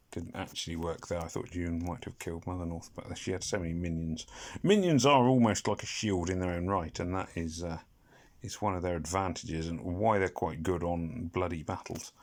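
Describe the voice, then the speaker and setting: This gaming commentator is a British man whose deep voice has a slightly mellow quality. His take on the mobile game is loose and meandering, full of humming and small sound effects, and he laughs off his errors at his own expense.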